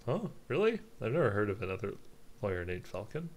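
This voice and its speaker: A man reading the part of an excitable young male bird assistant to a lawyer in a video game, blunt and teasing. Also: on the low side, brisk. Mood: incredulous.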